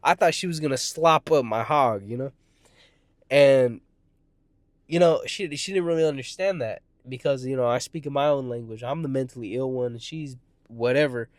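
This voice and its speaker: In studio-quality audio with no room sound, a man with a slightly high voice rambles through a personal story full of swearing and tangents. He imitates the people he quotes and raises his voice to a shout when things get heated.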